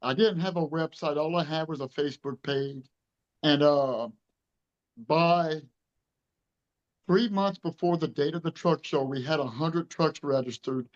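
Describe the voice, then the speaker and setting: A man's voice: a little high, measured pace, lo-fi sound. Earnest storytelling man in his fifties. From Louisiana. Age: 50s. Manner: earnest, emotional storyteller who acts out quoted dialogue. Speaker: truck show director being interviewed. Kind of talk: casual storytelling interview.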